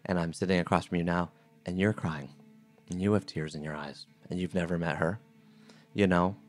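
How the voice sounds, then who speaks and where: A man hosting a podcast interview, chatty and animated. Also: sits low, normal speed, faint music behind. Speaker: podcast host. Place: Brooklyn brownstone.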